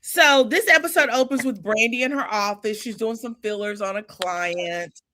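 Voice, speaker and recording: A woman's voice: on the high side, moderate pace, slight background noise. A woman hosting a casual live chat, greeting viewers and calling them honey and child. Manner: animated, Southern-style endearments like honey and child. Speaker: livestream host.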